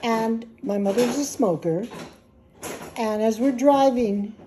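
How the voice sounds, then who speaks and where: A woman in her eighties from California telling a funny family anecdote at a small gathering, lively and laughing as she goes. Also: fairly high pitch, slow, background noise. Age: 80s. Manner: lively, laughing, animated storytelling. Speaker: family storyteller. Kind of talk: casual anecdote among family.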